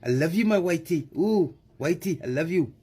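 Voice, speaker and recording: A man doing a gloating official who shoos people off and croons over his favourite, in a put-on South African accent. The voice jumps well above his normal husky range and sings out each taunt. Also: fairly high pitch, expressive, normal speed, mellow, voice pushed up. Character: mocked government official, adult, gloating and dismissive.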